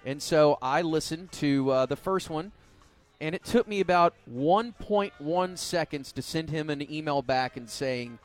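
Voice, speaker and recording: Male radio host, casual storytelling, laughs often, slightly high voice, faint music underneath. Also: unhurried. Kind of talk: casual chat.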